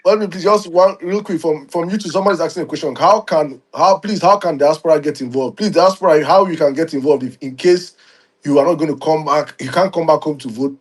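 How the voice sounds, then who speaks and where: A man's voice: fairly high pitch, brisk. A man, co-hosting and giving urgent, instructive advice. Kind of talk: advisory talk.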